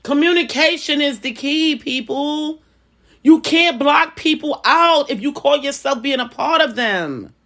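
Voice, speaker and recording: A woman's voice: sits high, lively intonation, a little slow, fairly bright tone. A woman in a casual vlog, giving life advice in a conversational, preaching way and often repeating phrases. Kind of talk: casual personal talk.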